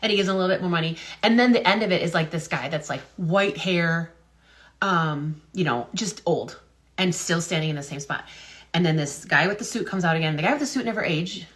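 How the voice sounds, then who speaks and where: A woman with a slightly low voice talks straight to her viewers in a loose, casual vlog. She rambles and thinks out loud, full of "um"s and restarts. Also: a little fast. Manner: rambling, wonders aloud, many fillers and restarts. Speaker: health and business content creator. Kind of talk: casual talk-to-camera vlog.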